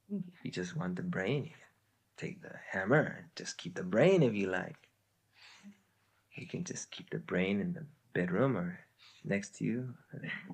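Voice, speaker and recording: A man teaching a spiritual lecture with a story, hesitant with many fillers and a wry humor. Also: on the low side.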